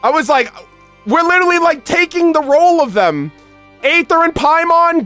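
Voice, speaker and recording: A streamer giving live game reaction commentary, excitable and exclamatory, talking straight to chat. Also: high voice, moderate pace, long pauses, soft background music.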